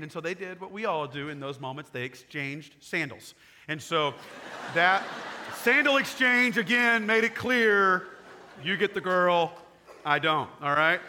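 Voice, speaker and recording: A man preaching a sermon, retelling a scripture story in casual, animated paraphrase and acting out the characters. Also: high-pitched, moderate pace. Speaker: pastor.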